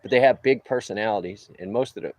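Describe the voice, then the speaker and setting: A man in his fifties with a low voice talks on an outdoor livestream from a roof during a work break. He rambles in an easygoing way and drops chuckling asides as he answers his viewers. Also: fast talker, a little mellow, no echo. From New Orleans. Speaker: livestreamer and roofer. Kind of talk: casual livestream chat.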